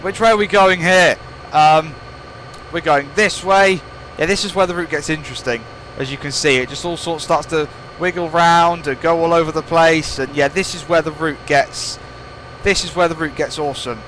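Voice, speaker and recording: A man's voice: a little high, steady tone, normal speed, a bit bright, slight background noise. A young man giving rambling, playful commentary over gameplay, joking at his own expense. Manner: rambling, playful, self-mocking. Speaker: gaming channel host.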